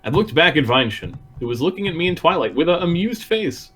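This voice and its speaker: A man's voice: a little high, big pitch swings, a little fast, a bit bright, breathy edge. A man hosting a comedic read-aloud of fan fiction, narrating and adding sarcastic, laughing commentary. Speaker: podcast host and narrator.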